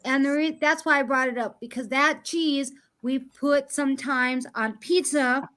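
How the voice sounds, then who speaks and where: A woman's voice: sits high, steady tone, unhurried, fairly bright tone. A woman chatting casually with friends, explaining things in a talkative way. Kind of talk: casual group chat.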